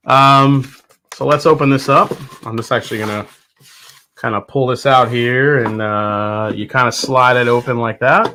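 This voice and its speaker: A man's voice: medium pitch, measured pace, sharp tone. A man hosting a casual livestream, chatting enthusiastically, reading viewer comments and thinking aloud. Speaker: host of a whiskey tasting livestream.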